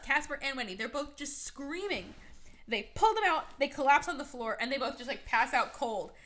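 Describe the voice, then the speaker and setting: A young woman hosting a podcast, casually recapping a movie with sarcasm, lots of fillers and quick quoted voices. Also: sits high, a bit bright. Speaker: podcast host.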